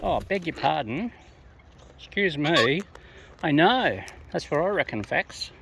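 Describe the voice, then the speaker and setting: A man, chatting playfully to wild birds while feeding and filming them, his calls leaping up high as he coaxes them closer. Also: expressive, measured pace, gravelly, noisy background. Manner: playful coaxing, voice leaps high when calling birds. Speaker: bird-feeding vlogger. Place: outdoors feeding wild cockatoos.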